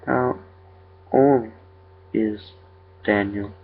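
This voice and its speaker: A man voicing an eerie creature that mimics a small boy's voice, asking questions slowly, one word at a time. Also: lowish voice, fairly even intonation, gravelly, breathy edge, faint music behind, heavily acted. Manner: slow, halting, word-by-word questions. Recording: lo-fi dull recording.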